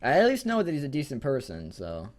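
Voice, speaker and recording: A man's voice: medium pitch, huge pitch swings, fast talker. A young man co-hosting a casual podcast, rambling and laughing, swearing freely. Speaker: podcast co-host. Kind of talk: casual chat.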